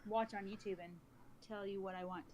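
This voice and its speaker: A woman's voice: mid-range voice, steady tone, fast talker. A Texan woman chatting on a voice call, bubbly and blunt. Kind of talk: casual voice chat. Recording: noisy voice-call line.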